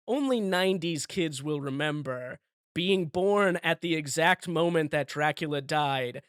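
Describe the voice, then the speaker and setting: A man hosting a podcast, recapping a game story in a relaxed, playful way and briefly voicing the characters as he goes. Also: a little high, clean tone, no room sound, studio quality. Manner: playful, voices the characters in quick asides. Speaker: podcast host presenting the topic.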